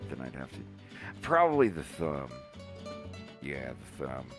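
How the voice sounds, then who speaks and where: A male streamer chatting casually on a live stream, who laughs often and bursts into loud, excited mimicry. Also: rumbling low, unhurried, over music.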